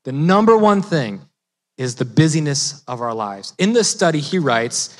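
A man's voice: on the high side, very animated, a little slow. Man preaching in a reverberant hall. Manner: conversational preaching with rising emphatic peaks and restarts. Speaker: pastor. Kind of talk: sermon.

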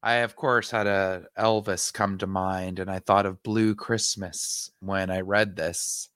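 A woman co-hosting a podcast, with a fairly low voice for a woman, who rants bluntly and then reads a news story aloud. The recording is dry and close. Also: fairly even intonation, measured pace, fairly bright tone, clean tone, no room sound. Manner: blunt, exasperated ranting. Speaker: podcast co-host. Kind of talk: casual chat and reading a news story.

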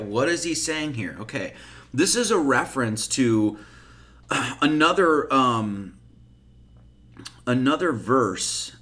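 A man's voice: mid-range voice, animated, slow pace, long pauses, bright, forceful tone. Give me a conversational man explaining scripture in a sermon. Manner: conversational, rhetorical questions, frequent "okay?" and "right?"; reads scripture verses in a raised, emphatic voice. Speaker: teacher of esoteric Bible study.

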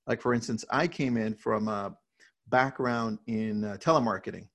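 A man who leads a real estate team, talking casually in an interview and telling energetic stories with frequent "right?" tags. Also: fairly low pitch, normal speed.

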